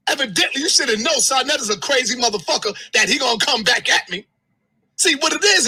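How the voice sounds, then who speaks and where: A man in an angry livestream rant who shouts, curses and swings his pitch sharply. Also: breathy edge, poor audio. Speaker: live streamer.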